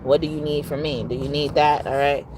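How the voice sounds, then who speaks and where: A woman's voice: deep voice, fairly even intonation, a little fast, darkish tone, slight background noise. A woman giving a casual tarot reading, talking bluntly with profanity and frequent laughter. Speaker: tarot card reader.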